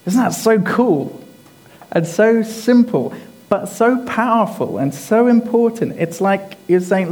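A man preaching a sermon in a deliberate, emphatic way, repeating his key phrases for weight. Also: sits high, expressive, darkish tone, poor audio.

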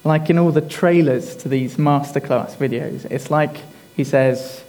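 Male preacher, sermon, slightly high but mellow voice, slow and emphatic. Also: poor audio. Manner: deliberate, emphatic, repeats key phrases.

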